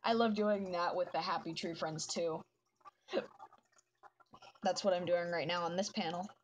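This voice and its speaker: A woman's voice: lowish voice, fairly even intonation, unhurried, slight background noise, rough recording. A young woman chatting casually while she draws on a live stream, rambling with lots of "like" fillers. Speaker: artist streaming her drawing. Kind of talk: casual chat while drawing.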